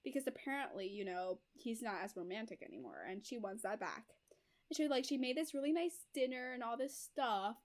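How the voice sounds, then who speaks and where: A woman's voice: on the high side, big pitch swings, a little fast. A young woman co-hosting a casual book chat. She is chatty and peppers her speech with fillers. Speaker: book discussion co-host.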